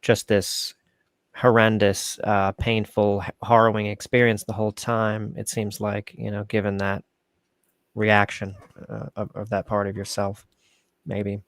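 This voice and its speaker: A man with a very low, gravelly voice hosts a podcast and puts careful, probing questions to his guest. He hesitates and rephrases as he thinks. The sound is dry and close. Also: flat delivery, a little slow, no room sound. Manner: thoughtful, hesitant, rephrasing as he probes. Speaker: podcast host. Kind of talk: interview questions.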